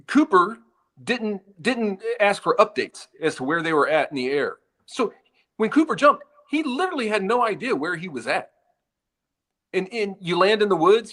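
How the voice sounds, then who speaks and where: A man with a fairly high voice answers as a guest in a live question session. He speaks earnestly and often stammers and restarts mid-sentence. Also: a bit bright. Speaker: guest, retired FBI agent. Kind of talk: live Q&A discussion.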